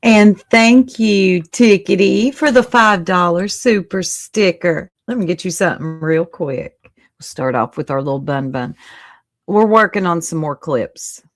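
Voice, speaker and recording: A woman's voice: lowish voice, a little slow. A woman hosting a livestream, chatting casually with her viewers, greeting them by name and laughing often. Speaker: livestream host. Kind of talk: casual chat with live viewers.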